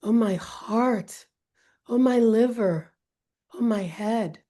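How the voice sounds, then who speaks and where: A woman reading a moaning, grieving underworld goddess; slow and mellow. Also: fairly high pitch. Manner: moaning, plaintive.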